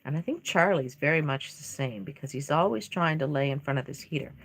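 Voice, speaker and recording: A reborn doll artist livestreams from her home craft room while painting, chatting casually and emotionally and rambling with many fillers. Her voice is low, creaky, and fairly quick.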